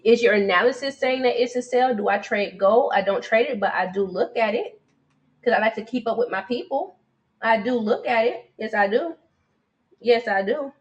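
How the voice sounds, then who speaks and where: A woman's voice: on the high side, normal speed, breathy edge, dull audio. A woman, a forex trading coach, going over charts on a live stream in a casual way and speaking straight to her viewers. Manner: casual, talks to viewers, calls them sweetie and baby.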